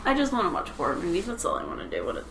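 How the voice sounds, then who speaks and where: Lively giggly woman podcaster. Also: on the low side, very fast, gravelly, roomy sound, slight background noise. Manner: animated, giggly, ranting. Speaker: podcast co-host. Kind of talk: casual chat.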